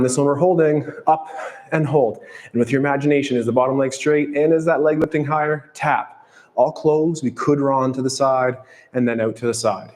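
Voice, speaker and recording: A man leading a follow-along ballet barre and strength workout, calmly counting and cueing each movement. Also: medium pitch, big-room sound. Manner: calm, steady cueing with counts. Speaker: fitness instructor.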